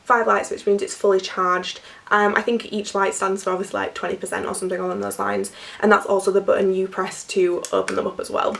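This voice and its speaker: A young woman talks casually through an unboxing, her voice croaky from a cold with a gravelly edge. She chats in a loose, filler-heavy way. She sits a little back from the microphone. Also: medium pitch, level tone, fairly quick, fairly bright tone, far from the mic, slight background noise. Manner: chatty, filler-heavy, laughs often. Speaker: vlogger.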